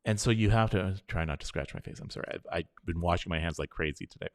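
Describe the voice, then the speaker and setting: Reassuring middle-aged man hosting a live show. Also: low-pitched. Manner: reassuring, encouraging, talks straight to viewers; leads a slow breathing exercise. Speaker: host. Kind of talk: live call-in style show, reading viewer comments.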